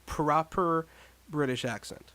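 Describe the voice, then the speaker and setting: A man's voice: fairly high pitch, slow pace, sharp tone. A man streaming a story game, chatting offhand with laughing asides between reading lines. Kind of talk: casual chat while reading a game aloud.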